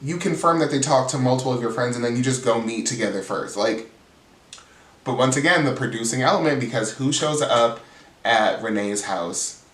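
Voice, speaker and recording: A man's voice: medium pitch, moderate pace, a bit bright. Chatty gossipy man recapping. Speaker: reality TV reviewer, channel host. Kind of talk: casual recap chat. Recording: roomy sound, distant mic.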